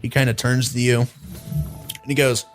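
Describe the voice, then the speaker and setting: A man's voice: mid-range voice, level tone, unhurried, faint music behind. A man narrating a tabletop game as dungeon master, in a casual, loose way with many fillers.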